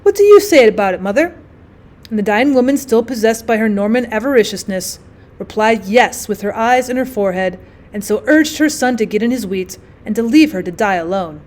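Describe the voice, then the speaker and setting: A woman teacher giving a measured, clear scripted narration of a short story. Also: a little high, darkish tone.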